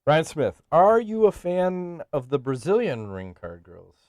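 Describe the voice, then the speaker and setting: A man's voice: on the high side, very animated, a little slow, darkish tone, no room sound, clean studio sound. A man co-hosting a podcast in casual chat, brash and profane, joking and laughing often. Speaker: podcast co-host.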